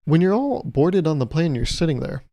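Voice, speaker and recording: A man's voice: on the high side, expressive, moderate pace, mellow, no echo, lo-fi sound. A young man hosting his podcast, telling a travel story in a casual, comedic way with exasperated, swearing rants. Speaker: podcast host.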